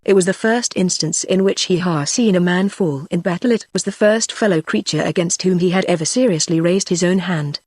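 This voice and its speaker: Dry, even text-to-speech narrator. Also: mid-range voice, dry recording. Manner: even, measured computer reading. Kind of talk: synthetic audiobook narration.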